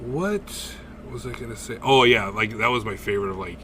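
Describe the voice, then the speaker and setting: A man's voice: on the low side, fairly quick, a little hiss or hum. A man co-hosting a podcast, telling a story in casual chat, full of swearing and laughter. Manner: profane, animated storytelling with laughs. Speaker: podcast co-host.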